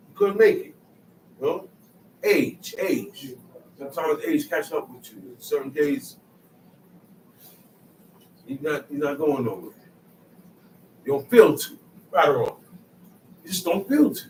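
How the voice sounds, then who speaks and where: This man teaches the Bible in street language, his slightly high voice expressive and unhurried, broken by frequent pauses. He preaches emphatically, repeating phrases and swinging from soft asides to loud outbursts. The mic sits far off in an echoey room, with a little hiss or hum.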